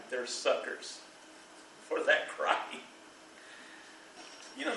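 Man, middle-aged, pastor, conversational sermon, bright tone, echoey room, mic a little far off. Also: a little high, slight background noise. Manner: conversational preaching with fillers and laughter. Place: church.

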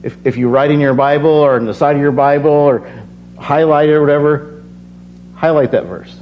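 A man's voice: fairly high pitch, fairly even intonation, moderate pace, darkish tone. A worn-out man giving a casual, earnest sermon, reading scripture and then telling personal stories, often repeating phrases as he builds. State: tired. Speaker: preacher. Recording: slightly dull recording with faint hum.

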